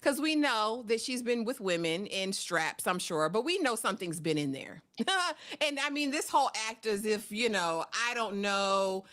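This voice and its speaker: Animated woman recapping reality TV. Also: mid-range voice, moderate pace. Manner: animated, laughing, acting out quotes in exaggerated voices. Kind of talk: casual recap chat.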